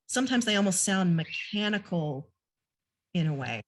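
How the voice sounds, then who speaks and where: Casual female presenter, relaxed and self-deprecating, talking to trainees over a video call. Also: fairly low pitch, moderate pace, slight background noise. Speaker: naturalist presenter. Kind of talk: online training talk. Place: home room with a pet bird nearby.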